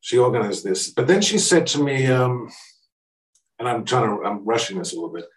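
Middle-aged aussie guy telling a story, really animated, does the voices, far from the mic in a roomy echo. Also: moderate pace. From Australia. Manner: animated, acts out quoted voices with pitch jumps. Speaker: speaker. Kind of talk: anecdotal storytelling. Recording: echoey room, distant mic.

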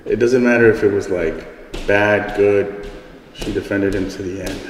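A man's voice: on the low side, fairly even intonation, normal speed. A young man hosting a podcast, telling a story in a loose, rambling way, full of "like" and casual swearing. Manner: rambling, heavy use of "like" and swearing. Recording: echoey room with long reverb, faint noise.

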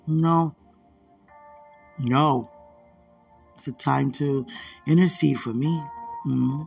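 Gravelly man in an emotional monologue. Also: medium pitch, fairly even intonation, drawn-out words, faint music behind. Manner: emotional, laughing, drifting into hushed murmurs. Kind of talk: emotional spoken monologue to a loved one.

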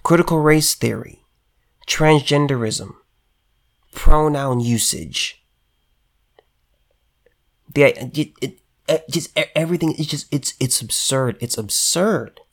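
A man's voice: on the high side, slow pace, pauses often. A man delivering an impassioned political rant straight to his viewers, emphatic, stumbling over restarts and repeating himself. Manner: emphatic, repetitive, stammering restarts, addresses viewers directly. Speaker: political commentator.

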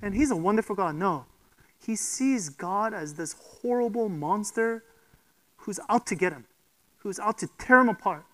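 A preacher delivers a sermon in a voice of middling pitch. The delivery is emphatic and built around rhetorical questions, with frequent check-ins with the listeners. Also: expressive, moderate pace, fairly bright tone, poor audio.

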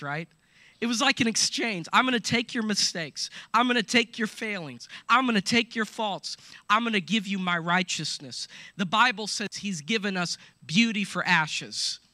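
A man preaching a sermon, animated and joking, laughing between points and calling out to his listeners. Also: sits high, no echo. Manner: animated, laughing asides, call-and-response. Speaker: pastor.

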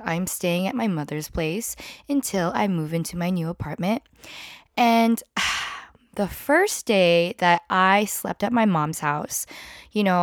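A woman in her thirties hosting a podcast, telling a crude comic story in an animated, profane way. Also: fairly low pitch, no echo, clean studio sound. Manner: crude, animated, swears freely. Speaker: podcast host.

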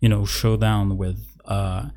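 A father chatting casually, halting often with fillers and restarts. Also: on the low side, level tone, dark tone. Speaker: parent, podcast co-host. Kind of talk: casual chat.

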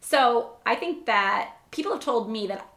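A woman's voice: on the high side, measured pace. A woman with a Californian accent in a casual, opinionated chat, peppered with "like". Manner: opinionated, animated, lots of "like". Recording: echoey room.

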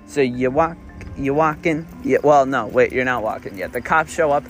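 A man's voice: medium pitch, moderate pace, soft background music. A young man improvising a second-person story, rambling with restarts and the odd swear word.

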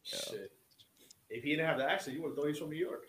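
A man co-hosting a podcast, teasing the others in animated banter. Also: a little high, fast, a little hiss or hum. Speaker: podcast co-host.

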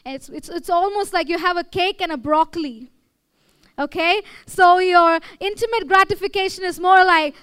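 A woman's voice: extremely high pitch, normal speed, a bit bright. A young woman with an Indian English accent preaching a sermon in a conversational way, often checking in with her listeners. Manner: conversational, checks in with "okay?" and "all right?".

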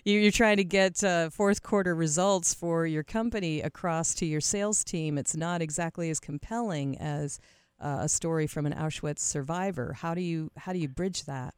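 Woman interviewer, smooth clear voice, dry close sound, curious questions. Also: low-pitched, moderate pace, no echo. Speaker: interviewer host.

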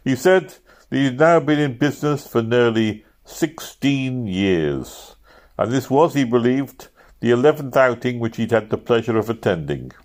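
A man narrating a novel aloud at a steady pace, lifting his voice for shouted quotes. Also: mid-range voice, normal speed. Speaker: audiobook reader.

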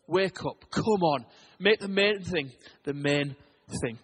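A British man, preaching a lively sermon as a church pastor, telling stories and tripping over his words. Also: high voice, moderate pace, slight background noise. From England. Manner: energetic, storytelling, stumbles and repeats words.

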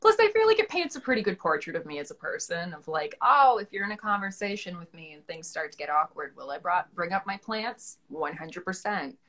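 A woman's voice: lowish voice, sing-song, brisk, hardly any pauses, a bit bright. A woman guest in a casual chat, chatty and self-mocking. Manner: chatty, self-mocking about her plants.

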